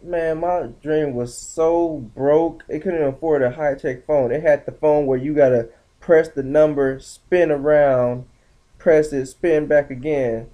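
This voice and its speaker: Young man, vlog storytelling, casual slang, animated, fairly high voice, mellow tone. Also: a little slow. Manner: animated, slangy, acts out quotes in shifting voices. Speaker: vlogger.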